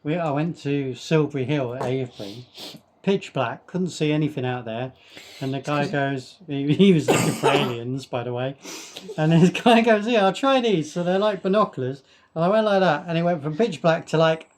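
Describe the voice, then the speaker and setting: A man telling a funny story in animated casual chat. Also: on the high side, normal speed. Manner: animated, builds stories to a punchline. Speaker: podcast co-host.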